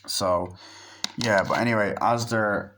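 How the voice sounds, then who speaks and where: A young man talks through a film review in a loose, rambling way, dropping curses and slipping into the characters as he retells scenes. His voice sits a little low for a man. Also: steady tone, takes it slowly, fairly bright tone, a little hiss or hum. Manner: rambling, swears freely, acts out scenes. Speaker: movie reviewer. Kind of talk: casual spoken movie review.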